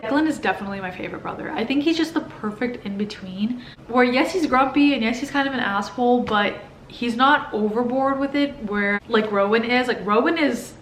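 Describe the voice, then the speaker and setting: A young woman talking casually to her phone as a book vlogger, gushing and excitable, full of "like". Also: a little high, echoey room, slight background noise. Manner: gushing, excitable, says "like" a lot. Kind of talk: casual vlog talk to camera. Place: in a car for part of it. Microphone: phone mic.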